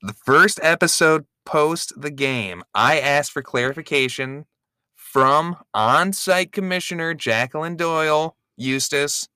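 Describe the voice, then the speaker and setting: A man's voice: fairly high pitch, takes it slowly, bright, forceful tone, clean tone, dry recording, clean studio sound. A man co-hosting a podcast, chatting casually in a playful, teasing way. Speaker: podcast co-host. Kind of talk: casual banter.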